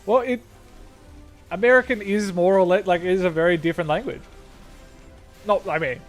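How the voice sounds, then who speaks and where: A young Australian man chatting casually with viewers while streaming a game, rambling and correcting himself as he goes. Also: on the high side. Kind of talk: casual gaming chat.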